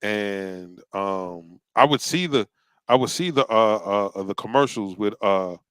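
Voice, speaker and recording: A man telling a childhood story in a casual chat, relaxed and halting, with many fillers. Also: on the low side, clean tone, no echo.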